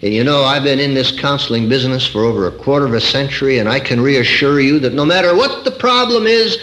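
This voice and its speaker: A man's voice: mid-range voice, lively intonation, quick pace, a bit bright. A middle-aged man preaching a sermon, telling a personal anecdote in a folksy way with wry humor and rhetorical questions to his listeners. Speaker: preacher and counselor.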